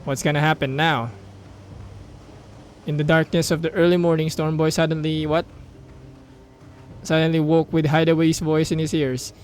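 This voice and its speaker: A man's voice: a little high, moderate pace, long pauses. A young man with a Filipino accent playing a mobile game, reading its story text aloud and cheering. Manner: excitable, reads on-screen story text aloud, mixes in Tagalog asides. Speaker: gaming YouTuber.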